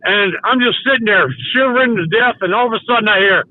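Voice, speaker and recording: An older man with a high voice, a former baseball coach appearing as a guest, tells stories casually and fast. His rambling anecdotes are full of restarts and acted-out quotes, and the recording is dry and tinny, like a phone line.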